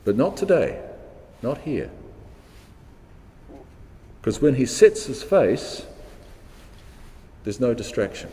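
A man's voice: medium pitch, sing-song, slow, pauses often, mellow, long reverb tail. A man, preaching a sermon in a reflective, questioning way, repeating words for emphasis. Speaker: pastor.

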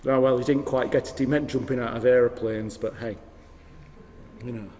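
A man preaching as a vicar, with wry storytelling and sudden drops to hushed emphasis. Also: medium pitch, fairly even intonation, moderate pace. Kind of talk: sermon. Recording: long hall reverb.

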